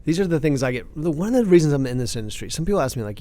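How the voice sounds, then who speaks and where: A man in passionate podcast talk, fired up and emphatic, ranting with quick restarts. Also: on the high side, animated, dark tone. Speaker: company CEO, podcast guest expert.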